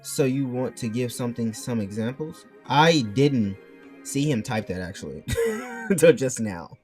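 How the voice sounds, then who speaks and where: A man talks casually to his viewers at a middling pitch, rambling as he reads chat messages aloud and argues back. His mic is turned the wrong way, and faint music plays behind him. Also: expressive, unhurried, a little mellow. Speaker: streamer. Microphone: mic turned backwards.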